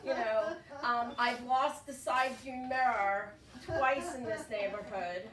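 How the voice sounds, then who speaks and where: High, bright-voiced older woman telling a story. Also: slow, echoey room, distant mic, a little hiss or hum. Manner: animated, frantic when quoting herself. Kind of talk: comic storytelling.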